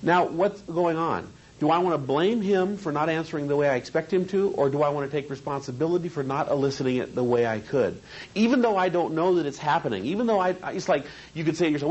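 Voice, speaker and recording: A man's voice: on the high side, expressive, a little fast, a little mellow, muffled recording. A man teaching a seminar on hypnosis in a training room, talking conversationally and asking the group questions.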